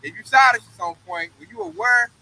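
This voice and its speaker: A man's voice: very high-pitched, big pitch swings, fairly quick, creaky, sharp tone, poor audio. A man giving an emphatic, slangy Bible study, often tagging his points with "man". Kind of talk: casual preaching discussion.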